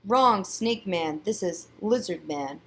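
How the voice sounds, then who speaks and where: A woman doing a croaky, creepy boy. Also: mid-range voice, animated, takes it slowly, fairly bright tone, exaggerated voice. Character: boy friend on the phone, playful.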